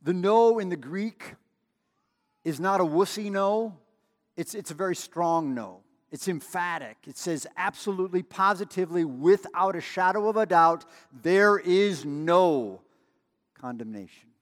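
A man's voice: sits high, normal speed, big-room sound. A man preaching a sermon in a conversational way, with emphatic repetition and storytelling asides. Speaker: pastor.

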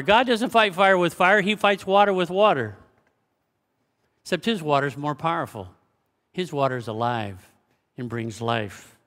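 A man preaching a sermon as pastor, swinging between loud exclamations and hushed, low passages. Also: a little slow. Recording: long hall reverb.

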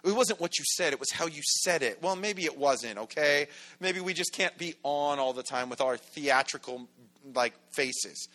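A man's voice: on the high side, expressive, normal speed, pushed and bright. A middle-aged man preaching a casual, conversational sermon as a pastor, full of asides and rhetorical questions.

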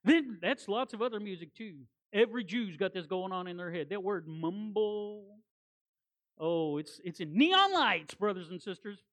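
A woman preaching a sermon as guest preacher, animated, repeating words for emphasis, with conversational folksy asides. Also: medium pitch, normal speed.

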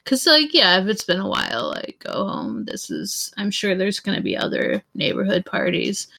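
Brief: slow, gravelly, bright-voiced woman player, rambling. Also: medium pitch, huge pitch swings, low-quality recording. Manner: hesitant, self-deprecating, rambling. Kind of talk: casual tabletop play.

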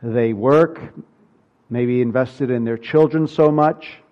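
A man's voice: mid-range voice, slow pace, muffled recording. A man preaching a sermon from the pulpit, earnest and building to emphatic peaks. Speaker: pastor.

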